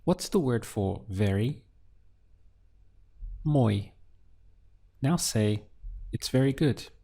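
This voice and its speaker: A man teaching useful phrases in a slow, clear lesson, giving prompts and then the model answers. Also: medium pitch, animated, mellow. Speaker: language teacher. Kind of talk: audio language lesson.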